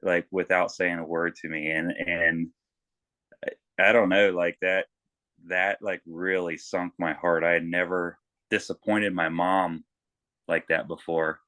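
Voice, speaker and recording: Low-voiced man telling service stories. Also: unhurried, dry recording. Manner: animated storyteller, swears freely, acts out yelling. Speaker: guest, Navy veteran. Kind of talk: casual interview storytelling.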